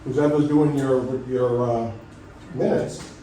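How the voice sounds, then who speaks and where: A middle-aged man speaking insistently and argumentatively at a public meeting, his voice going hoarse. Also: medium pitch, steady tone, slow pace, warm tone, a little hiss or hum. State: losing his voice. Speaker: resident speaking at public comment. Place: town meeting room. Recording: echoey room from far off.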